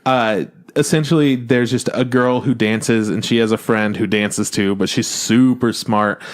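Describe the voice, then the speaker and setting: A man's voice: mid-range voice, fairly even intonation, a little slow. Laughing male anime podcast co-host. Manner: laughs often, loose and joking. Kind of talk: casual chat.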